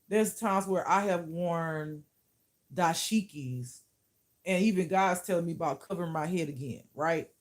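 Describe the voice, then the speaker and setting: A woman's voice: sits low, darkish tone. A woman who teaches spirituality, talking to camera in a casual vlog, blunt and profane, often laughing.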